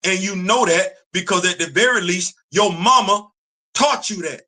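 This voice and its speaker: A man's voice: sits high, normal speed, pushed and bright. A man, ranting to camera in a casual opinion video, scolding and repeating himself. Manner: preachy, repetitive, scolding. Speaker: video commentator.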